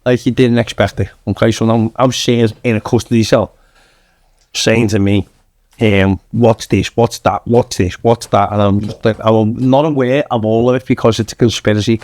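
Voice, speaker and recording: A man's voice: lowish voice, steady tone, moderate pace, a little mellow, dry recording. A man in his thirties with a Manchester accent, telling his story as a podcast guest in a blunt, sweary way. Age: 30s. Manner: blunt, sweary, keeps saying "lad". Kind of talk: casual storytelling.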